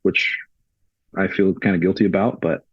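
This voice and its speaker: Podcast guest from a touring crew: a husky man with a low voice, casual storyteller who relives scenes through quoted exchanges. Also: steady tone, normal speed, dry recording, highs cut off. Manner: retells events with frequent "I was like" quotes.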